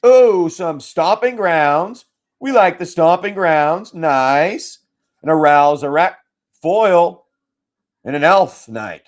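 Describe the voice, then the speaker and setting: Loud, swearing man telling a story. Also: a little high, expressive, takes it slowly. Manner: loud, swears freely, tells stories with quoted dialogue. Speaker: live card-break seller. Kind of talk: casual chat while opening card packs.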